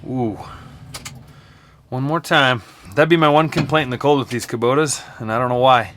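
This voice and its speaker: A man's voice: medium pitch, moderate pace, a bit bright, a little hiss or hum. Easygoing young man, chatty ranch vlogger. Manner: chatty and easygoing, with small laughs and groans at the cold. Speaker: cattle rancher. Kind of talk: casual vlog narration. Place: outdoors and in barns on a cattle ranch in cold wind.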